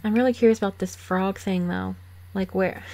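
A woman narrates her game in casual, chatty commentary, breaking into giggles and dry sarcastic asides. Her voice sits at an ordinary mid pitch for a woman. It is a close desk-microphone recording from a home setup. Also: steady tone, normal speed, vocal fry, mellow, faint music behind. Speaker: let's play host.

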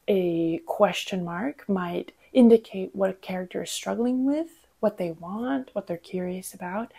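Gravelly-voiced young woman teaching acting. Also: mid-range voice, warm tone. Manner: chatty and explanatory, with fillers. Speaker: podcast host and acting coach. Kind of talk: instructional podcast talk.

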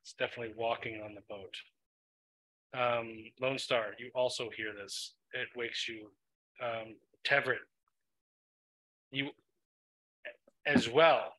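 A man steers his tabletop group as game master, talking in loose, meandering sentences padded with ums. His voice is strikingly bright and sits at an ordinary middle pitch. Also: takes it slowly, long pauses, low-quality recording. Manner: relaxed, filler-heavy narration with many ums.

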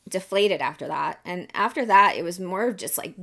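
A woman's voice: lowish voice, animated, normal speed, creaky, a bit bright. Candid woman telling her own story. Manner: casual and candid, many fillers, swears freely. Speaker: podcast host. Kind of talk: personal story told on a podcast.

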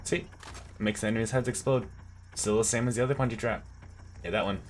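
A man hosting a casual gameplay video, jokey and excitable, yelping and laughing through his commentary. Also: lowish voice, fast, slight background noise. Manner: excitable, jokey, yelps and laughs at close calls. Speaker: gaming video host.

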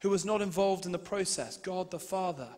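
A man preaching a sermon and reading scripture, moving between loud emphasis and hushed, slow passages. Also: high voice. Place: large church hall. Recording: reverberant hall sound.

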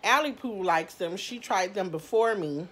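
Woman food vlogger, casual and candid, talks to viewers like friends, mid-pitched voice. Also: animated, moderate pace, a bit bright, husky. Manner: chatty and candid, talks to viewers as "y'all", mild cursing.

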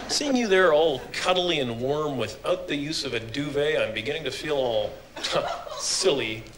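A man's voice: a little high, animated, slow pace, crowd noise. A man playing a smug, stuttering computer-generated male TV host who talks in flippant puns and glitchy repeats. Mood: teasing. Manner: cheeky, flippant, punning. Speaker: talk show host. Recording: noisy 1980s TV broadcast.

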